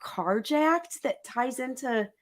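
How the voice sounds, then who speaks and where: Woman host with a fairly high voice who asks short questions and reacts briefly. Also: expressive, takes it slowly, a crowd in the background. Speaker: podcast host. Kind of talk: interviewing a guest.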